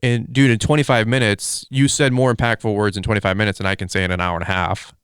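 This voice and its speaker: Fast-talking rambling man host. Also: on the low side, smooth, dry recording, clean studio sound. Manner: rambling and excitable, full of fillers like dude and like. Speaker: podcast host. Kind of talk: casual interview chat.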